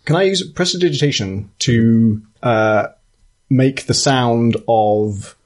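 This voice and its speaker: A man's voice: medium pitch, slow pace. A man playing a tabletop game, wry and joking. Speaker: player. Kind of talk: casual tabletop play.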